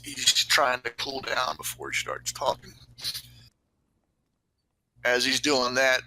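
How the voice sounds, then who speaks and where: Game master, man, very bright tone, easygoing rambling narration. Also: mid-range voice, vocal fry, rough recording. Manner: relaxed rambling narration with fillers.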